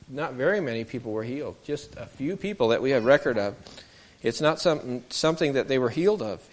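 Man telling children a Bible story. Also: a little high. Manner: asks the children questions, acts out voices in the story.

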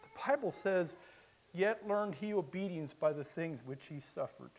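A male preacher delivering an impassioned sermon with a slightly raised voice. He drops to a hush and then rises into loud, emotional cries as he retells the story. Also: high-pitched, animated, a little slow. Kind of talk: sermon with dramatic first-person storytelling.

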